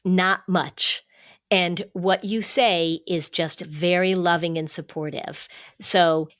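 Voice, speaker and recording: Middle-aged woman host, lowish voice, dry close mic, calm and emphatic advice. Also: no room sound. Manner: calm, warm-hearted, emphatic, slows for stress. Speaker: podcast host, anxiety expert. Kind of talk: advice podcast, explaining.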